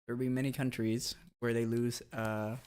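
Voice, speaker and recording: A man's voice: mid-range voice, flat delivery, normal speed, a little mellow, clean tone. Young man rambling on a livestream. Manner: loose, joking storyteller, full of fillers and asides. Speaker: streamer. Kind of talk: casual rambling livestream chat.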